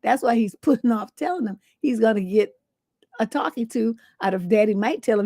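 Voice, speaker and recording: A woman's voice: on the high side, brisk, warm tone, no room sound. Lady relationship coach going off, blunt and salty, dry close sound. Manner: blunt, scolding, salty, rhetorical questions. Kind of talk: livestream advice show, reading letters.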